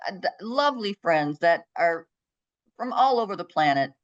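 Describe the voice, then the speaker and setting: A middle-aged woman with a lowish voice tells a story as a podcast guest, dropping into the voices of the people she quotes. The recording sounds dull and lo-fi. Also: lively intonation, moderate pace. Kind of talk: storytelling in an interview.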